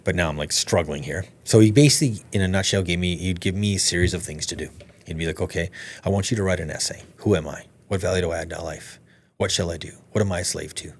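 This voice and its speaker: This podcast guest has a low-pitched voice and talks fast while recounting a story in relaxed conversation. He's lively, curses freely, and performs the dialogue as he goes.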